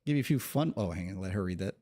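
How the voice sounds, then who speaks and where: A man's voice: low voice, animated, rapid-fire, mellow. A man streaming a game, making sarcastic, joking asides in casual commentary. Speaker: gaming streamer.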